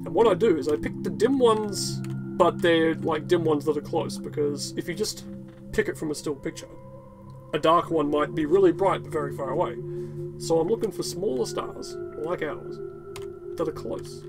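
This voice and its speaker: A man's voice: on the high side, moderate pace, music in the background. A man giving rambling, unedited gameplay commentary, swearing, laughing and ranting as he talks. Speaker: gaming channel host.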